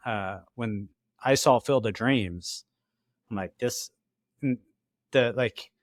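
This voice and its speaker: A man hosting a podcast, speaking in a reflective, soft-spoken way and sounding a little choked up. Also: mid-range voice, dry recording, studio quality. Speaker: podcast host. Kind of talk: casual interview chat.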